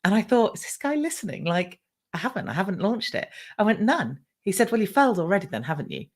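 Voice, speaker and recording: A woman's voice: medium pitch, fast talker. A middle-aged woman from the UK with a British accent, a podcast guest telling her own story casually and acting out past conversations. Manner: animated, acts out her own past dialogue.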